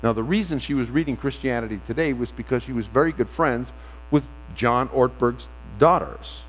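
Brief: male pastor, mid-pitched, relaxed story-led sermon, big hall reverb. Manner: conversational storytelling with frequent pauses. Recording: long reverb of a large hall.

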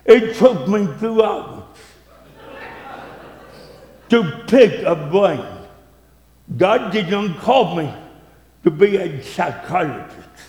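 Slow-talking preacher man in echoey hall. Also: high-pitched, expressive. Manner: slow, dramatic, swings from loud to hushed. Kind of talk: storytelling sermon.

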